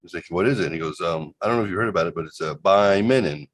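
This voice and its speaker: A man's voice: low voice, racing, fairly bright tone, husky. A man co-hosting a casual podcast, joking around and telling a long rambling story full of restarts. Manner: rambling, joking, fake ad taglines. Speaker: podcast co-host.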